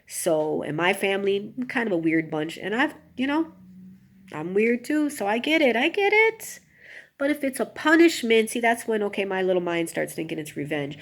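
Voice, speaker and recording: A woman's voice: medium pitch, animated, moderate pace. A woman telling personal stories in a confessional vlog, talking straight to her viewers with many asides and turning emotional. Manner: emotional, rising to an anguished near-shout, then subdued. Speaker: vlogger.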